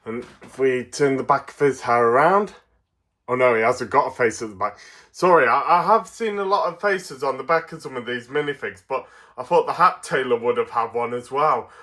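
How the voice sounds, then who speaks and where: Derbyshire man with a bright, forward voice, casual and giggly, unboxing toys on camera. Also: medium pitch. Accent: Derbyshire English. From Derbyshire, England. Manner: chatty, chuckles often, halting with fillers. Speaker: toy reviewer.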